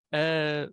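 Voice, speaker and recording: A man's voice: fairly high pitch, a bit bright, clear, resonant tone, no room sound. A man hosting a casual film podcast, with dry, jokey banter. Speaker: podcast host.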